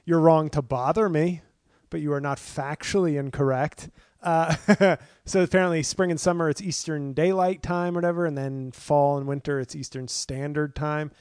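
A man's voice: a little high, steady tone, moderate pace, darkish tone, smooth, no room sound, studio quality. A man hosting a casual solo podcast from home, rambling and sarcastic with lots of fillers and self-mocking asides. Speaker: podcast host.

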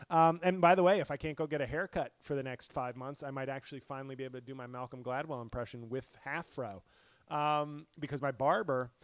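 A man hosting a podcast, riffing through a rambling, profane comedic monologue full of tangents and sudden loud bursts. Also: fairly high pitch, no echo. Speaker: podcast host.

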